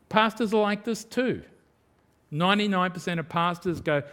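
Man preaching with a higher voice. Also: moderate pace, fairly bright tone, clear, resonant tone. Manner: conversational preaching with acted-out quotes. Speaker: pastor. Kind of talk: sermon.

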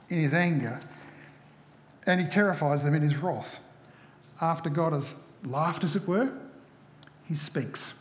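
A man preaching a sermon, often asking the listeners rhetorical questions. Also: a little high. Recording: echoey hall from far off.

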